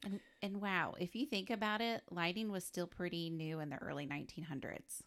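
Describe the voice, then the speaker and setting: Chatty woman co-host, slightly low voice. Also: steady tone, a little fast, fairly bright tone. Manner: chatty, laughs often, quips between facts. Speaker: podcast co-host. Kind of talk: casual chat, telling a life story.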